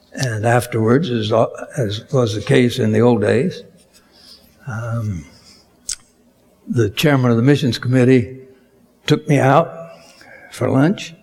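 A man delivers a sermon at an unhurried, measured pace. His voice has a gravelly, husky grain. He builds to strong emphasis on key words and then drops back down. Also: mid-range voice, a little mellow. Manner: slow, deliberate preaching with rising emphatic peaks. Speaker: preacher.

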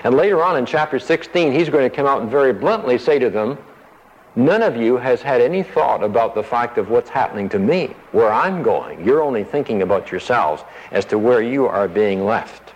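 A man's voice: medium pitch, expressive, normal speed. A man teaching a passage verse by verse. He explains single words and acts out the quoted lines. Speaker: preacher. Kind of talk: expository Bible teaching. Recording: dull sound in a hall with reverb.

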